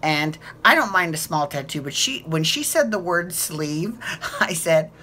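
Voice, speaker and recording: Woman chatting away about tv, bright low voice, giggly and gushy. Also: lively intonation, a little slow. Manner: gushing, giggly, repeats herself. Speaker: podcast host. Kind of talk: casual chat recap.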